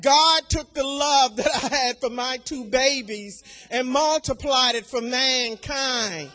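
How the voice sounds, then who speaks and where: Older woman preacher, very unhurried delivery, builds to loud repeated declarations. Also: sits high. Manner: slow and deliberate, swelling to loud emphatic declarations; repeats key phrases for emphasis. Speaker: speaker at a women's church gathering. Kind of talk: sermon testimony.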